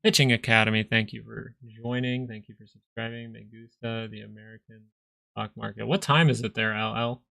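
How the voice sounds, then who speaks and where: Gravelly-voiced young man narrating stock charts. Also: fairly low pitch, steady tone, a little fast, bright, forceful tone, no room sound, soft background music. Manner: chatty, rambling, reads chat aloud. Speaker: stock market livestream host. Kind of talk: casual live market commentary.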